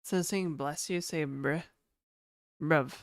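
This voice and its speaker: Woman streamer, laid-back and slangy, slow and low-pitched, smooth voice, dry close sound. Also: no room sound. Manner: laid-back, slangy, sighing and chatting to viewers. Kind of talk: casual live-stream chat.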